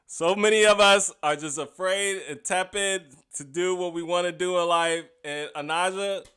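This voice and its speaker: A man's voice: sits high, fairly even intonation, moderate pace, pushed and bright, clean tone. A comedian and podcast host giving a casual comedic monologue. He is chatty and often laughs at his own jokes.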